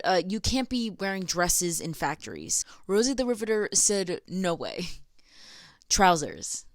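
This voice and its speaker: The host, a young American woman, has a fairly low, slightly bright voice and a sarcastic, chatty style, laughing between lines in her casual educational vlog. It's recorded in a clean studio with no echo.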